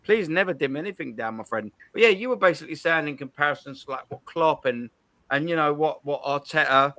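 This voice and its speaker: A man's voice: a little high, a little fast, sharp tone, no room sound. A young man hosting a football call-in show, chatting casually in slang with lots of restarts. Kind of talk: casual chat.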